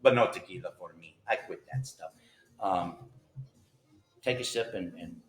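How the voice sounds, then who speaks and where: Rambling low-voiced man in an echoey room. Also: unhurried. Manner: folksy, meandering, with sudden loud outbursts. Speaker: vlogger. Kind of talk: casual rambling monologue.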